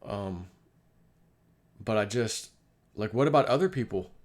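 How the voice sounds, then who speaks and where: A man's voice: lowish voice, expressive, unhurried, pauses often. A middle-aged man talking casually about his life in a rambling, confessional monologue, often acting out what people said. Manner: rambling, confessional, acts out quoted dialogue. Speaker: vlogger.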